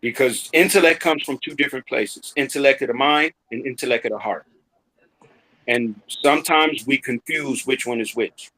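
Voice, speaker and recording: A man on a live talk stream, speaking in a reflective, advice-giving way. His voice is bright and forward, with a middle-range pitch. He talks casually, like he is sharing hard-won wisdom with friends. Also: rough recording. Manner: reflective, gives advice in measured sayings. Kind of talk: casual chat.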